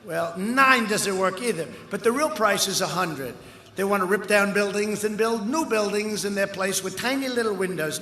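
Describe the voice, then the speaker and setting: An older man giving a campaign rally speech outdoors, boastful and rambling, with punchy repetitions, heard through a loudspeaker. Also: high voice, normal speed. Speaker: political candidate. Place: outdoor rally before a large crowd. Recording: echoey outdoor PA with crowd noise.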